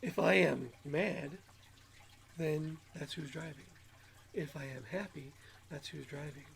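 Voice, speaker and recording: A man's voice: fairly high pitch, a little slow, vocal fry, a little hiss or hum. A man hosting his channel in a rambling self-help monologue, sounding a little nasal from allergies. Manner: rambling, musing, repeats words. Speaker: channel host.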